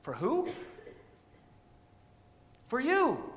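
A man preaching a sermon as pastor, moving from loud emphatic passages to quiet storytelling. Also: normal speed. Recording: long hall reverb with faint rumble.

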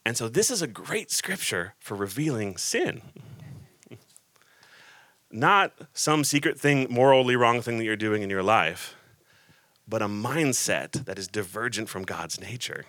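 Man, preacher, casual joking sermon, reads scripture, bright voice, dry sound. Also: on the low side, measured pace, no room sound. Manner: joking, animated storytelling.

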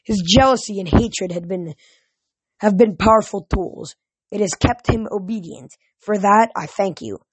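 Woman reading ancient Titan lord, cold, slow, menacing, storybook villain, husky, dry sound. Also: mid-range voice, dry recording. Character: ancient cold Titan lord speaking through a young man.

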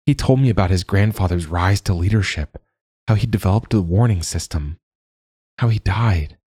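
A man voicing a calm, earnest young female recruit in an audiobook story. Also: low voice, moderate pace, slightly rough, dry recording, studio quality.

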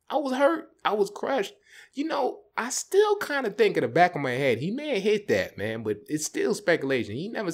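A man hosting a casual storytelling podcast, slangy and animated, jumping in and out of voices. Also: mid-range voice. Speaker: podcast host.

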